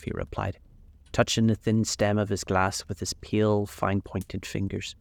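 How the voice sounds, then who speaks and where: A man narrating a classic novel as a calm bedtime audiobook reading, with a slow, measured manner. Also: on the low side, gravelly, dry recording.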